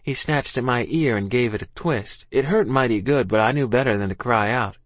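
A man's voice: medium pitch, fairly quick, few pauses, dry recording. A man narrating a first-person audiobook in a plain, folksy way, with a mid-range voice. The recording is dry and close, with no room sound.

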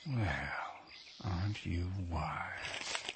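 An actor playing a cold, scheming master craftsman who speaks in a gravelly, measured, icy way in a radio drama. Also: low-pitched, a bit bright, slight background noise, full character voice.

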